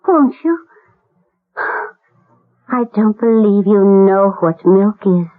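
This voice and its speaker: An actress playing a gentle wealthy lady, speaking tenderly and pleading through tears, in a 1970s radio drama. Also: medium pitch, lively intonation, extremely slow. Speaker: lady of the house. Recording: tinny old radio broadcast.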